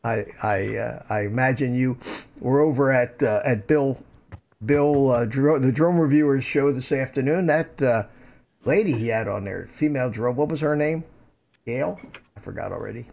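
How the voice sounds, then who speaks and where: Older male streamer, gravelly, stammering, chatty desk-mic host. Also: medium pitch, moderate pace, darkish tone. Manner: rambling, stammers and repeats words. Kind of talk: casual live-stream chat. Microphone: desk microphone through a USB mixer.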